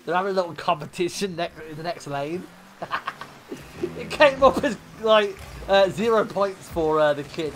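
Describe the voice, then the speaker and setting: A man's voice: sits high, lively intonation, normal speed, a little hiss or hum. A man streaming, telling a profane story to chat and laughing often.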